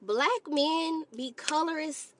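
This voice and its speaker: A woman vlogger telling a story to her viewers in an animated, exasperated way. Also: high voice, takes it slowly. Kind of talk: storytime commentary to camera.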